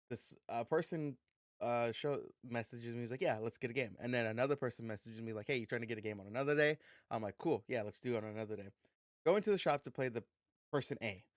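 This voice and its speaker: A young man co-hosting a podcast, telling an animated, profane story in casual chat. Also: medium pitch, no echo, studio quality. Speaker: podcast co-host.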